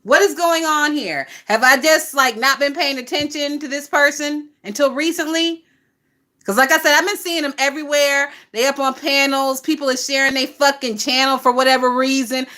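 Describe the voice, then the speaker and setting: A woman hosting a casual gossip livestream, talking in a lively, profane way and laughing often. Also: high-pitched, moderate pace. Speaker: livestream host.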